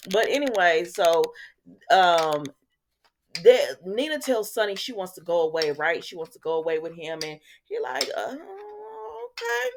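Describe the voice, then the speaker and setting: A woman's voice: on the low side, animated, moderate pace, background noise. A woman hosting a casual soap opera recap, chatty and sassy, talking back to the characters.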